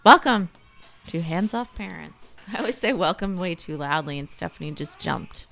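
A woman's voice: low voice, expressive, normal speed, gravelly, rough recording. A woman in her thirties with a slightly nasal voice, co-hosting a podcast in casual, giggly, self-mocking chat. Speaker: podcast co-host.

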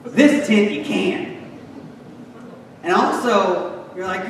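A man's voice: sits high, takes it slowly, gravelly, pauses often, slight background noise. A man preaching a sermon, chatty and joking, then pressing his points with emphatic lists. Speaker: pastor. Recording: echoey hall, mic far off.

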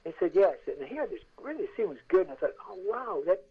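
An older actor, a guest on the show, telling animated anecdotes and acting out the voices of people in them. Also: male voice, high voice, fast talker, husky, phone-quality sound. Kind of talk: casual storytelling interview.

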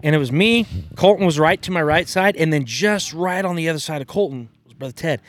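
A man telling a hunting story in a casual podcast chat, acting out the shouts of the people in it. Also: on the high side, a little fast, no room sound. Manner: lively, acts out quoted shouts. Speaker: podcast guest.

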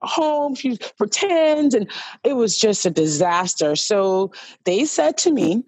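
Animated woman telling her story, dry sound. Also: fairly high pitch, slow, husky, no echo. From New York. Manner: animated, repeats words for emphasis. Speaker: guest. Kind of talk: personal storytelling in conversation.

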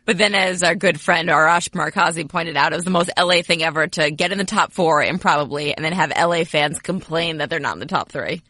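A woman co-hosts a sports podcast in a casual back-and-forth. She makes wry, sarcastic asides. Her voice is bright and crisp, and it is recorded close with no room sound. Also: sits low, a little fast, few pauses, no echo. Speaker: podcast co-host.

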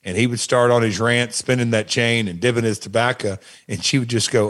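A man co-hosting a podcast, telling rambling, animated family anecdotes and quoting people along the way. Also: mid-range voice, a little fast. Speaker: podcast co-host. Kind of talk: casual podcast storytelling.

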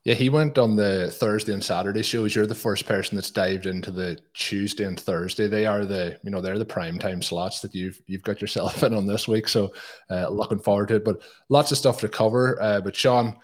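A man's voice: on the low side, fairly even intonation, normal speed. A man hosting a podcast, chatty and full of fillers as he plugs the show. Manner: chatty, plugging with many fillers. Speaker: podcast host. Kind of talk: casual podcast chat.

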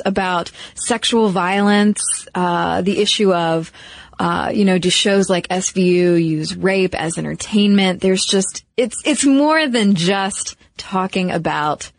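A woman's voice: mid-range voice, no room sound, clean studio sound. Enthusiastic woman podcast co-host. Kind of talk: casual chat.

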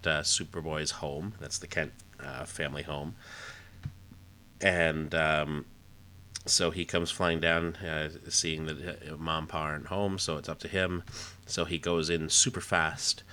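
A man's voice: extremely low pitch, pushed and bright, clear, resonant tone. A man hosting a podcast, casually recapping an old comic book, rambling with lots of fillers. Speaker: podcast host.

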